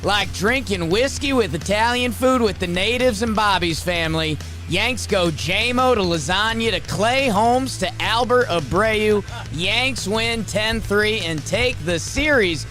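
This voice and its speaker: A man's voice: high-pitched, unhurried, few pauses, faint music behind. A man co-hosting a sports podcast, casually chatting about a baseball game in a laid-back way. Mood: mock broadcaster. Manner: laid-back, shifts to excited broadcaster voice for game recaps. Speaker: podcast co-host. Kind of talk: casual sports chat and mock play-by-play.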